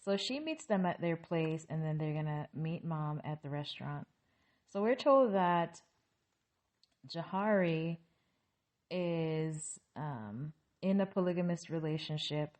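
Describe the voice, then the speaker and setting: Woman host, casual TV recap, lower-pitched, opinionated and exasperated. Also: expressive, unhurried, a little mellow.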